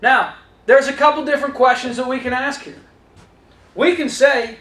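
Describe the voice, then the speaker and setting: This sales coach has a very high, bright voice that rings through an echoey space, and he keeps a normal pace. He speaks energetically and directly to his trainees, performing his own customer lines as part of an instructional talk with acted-out dialogue.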